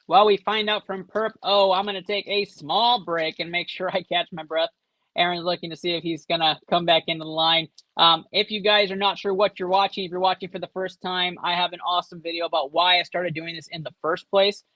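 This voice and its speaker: Bright high-voiced man calling pack openings. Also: level tone, dry recording, lo-fi sound. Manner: fast running tallies of card points. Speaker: livestream host. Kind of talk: live pack-opening commentary.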